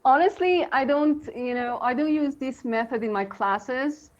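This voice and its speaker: A woman co-hosting a live online English lesson, talking slowly with many fillers over a video call. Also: sits high. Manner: slow, halting, many fillers. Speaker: co-host English teacher. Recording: dull lo-fi stream audio.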